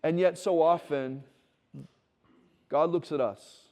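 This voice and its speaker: This middle-aged man talks slowly, his voice fairly high, as he gives students a conversational sermon at a Christian wilderness school. Storytelling and acted-out quotations lead him into animated emphasis in the teaching room.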